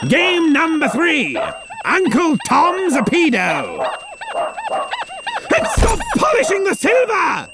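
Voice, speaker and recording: A man's voice: very high voice, vocal fry, very noisy, full character voice. A man playing a pompous, impatient upper-class lord, in a comedy sketch.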